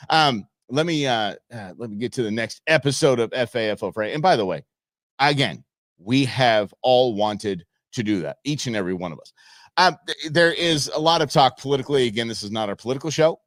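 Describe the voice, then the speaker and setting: A man's voice: mid-range voice, expressive, fairly quick, fairly bright tone, no room sound. A man from the United States hosting a show, chatting casually over viral videos with a rambling, chuckling manner and many fillers. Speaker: show host.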